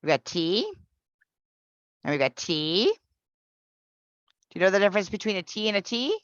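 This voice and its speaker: A woman teaching an English pronunciation class online. She explains patiently and repeats each example slowly. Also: mid-range voice, sing-song, no room sound, lo-fi sound.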